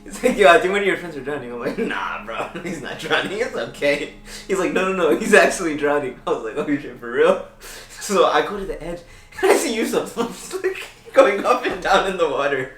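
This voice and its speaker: A young man joins in on a shared story, laughing often as he tells his part. His voice sits a bit high for a man. The recording is echoey and roomy, with the mic set some way from him. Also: expressive, fairly quick, a bit bright. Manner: laughs often while recounting. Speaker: guest friend. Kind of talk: casual storytime chat. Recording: echoey room, mic at a distance.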